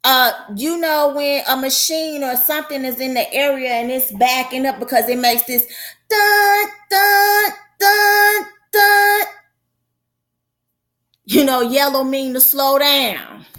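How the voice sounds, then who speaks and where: A woman's voice: sits high, fairly even intonation, normal speed, few pauses, fairly bright tone. A woman prophetess hosting her own show, giving a casual religious talk in a folksy, conversational way with a preaching lilt.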